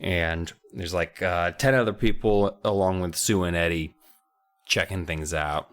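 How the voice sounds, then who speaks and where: A man casually recaps a book on a comedy podcast, rambling along with plenty of filler words. His voice sits low. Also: measured pace, fairly bright tone. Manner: rambling, lots of "like" and "uh". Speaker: podcast co-host.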